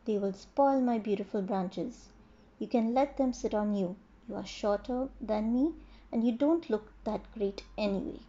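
A woman's voice: medium pitch, measured pace, mellow, dull audio, natural voice. A woman voicing a proud, rude male fig tree in a storybook reading, snooty and dismissive. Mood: haughty.

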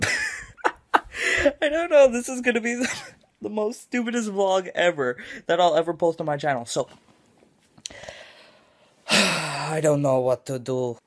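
Tired, rambling young vlogger. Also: mid-range voice. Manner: rambling and scatterbrained, jumps from loud outbursts to mumbled asides. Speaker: gaming vlogger. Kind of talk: casual rambling vlog to camera. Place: dim room at home.

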